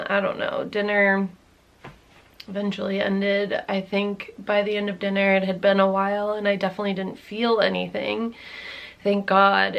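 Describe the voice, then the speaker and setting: A woman in her thirties vlogs a personal story to camera, candid and rambling, full of "like"s, swearing and nervous laughs. Her voice is medium-pitched and gravelly.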